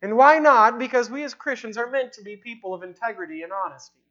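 A woman preaching a sermon, stressing points by repeating lines and slowing into prayer. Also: fairly high pitch, lively intonation, a bit bright. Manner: emphatic, repeating lines for effect; ends in prayer with slow, drawn-out phrasing. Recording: dull, lo-fi recording.

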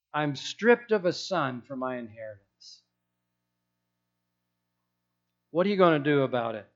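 Brief: man doing an exasperated old man in his eighties, insistent, somewhat high, muffled sound. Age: over 80, as the figure. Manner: exasperated, pleading questions. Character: aged man pleading with God, worried, insistent.

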